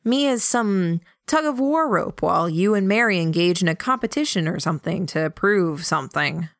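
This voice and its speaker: A woman voicing a wry, tired young man in a dry, measured way. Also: on the low side, expressive, no room sound.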